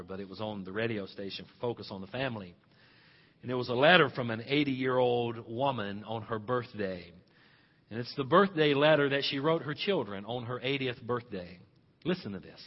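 A man preaches from the pulpit, swinging into loud, rising exhortations. His voice is husky and sits in a middle pitch. The sound is muffled and lo-fi, with long reverb from a big church sanctuary. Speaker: pastor. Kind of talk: sermon. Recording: dull reverberant hall recording.

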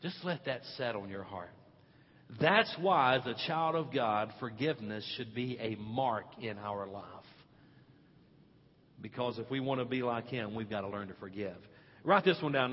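A man preaching a sermon as pastor, swinging from quiet to loud and stretching key words. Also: medium pitch, normal speed, slightly rough. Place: church sanctuary. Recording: dull lo-fi audio with long hall reverb.

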